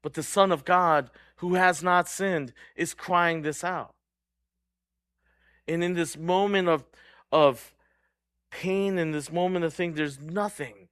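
A man preaching a sermon in an earnest way, moving between loud stressed words and hushed low lines, and often asking his listeners "right?". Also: fairly even intonation, slow pace, long pauses, smooth, no room sound, studio quality. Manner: checks in with the crowd by asking "right?". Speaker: pastor.

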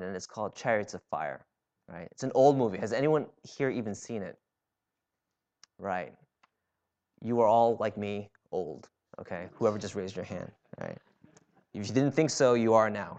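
A man preaching a sermon in a church, talking casually and often checking in with "right?". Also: medium pitch. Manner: conversational with frequent "right?" asides. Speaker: pastor.

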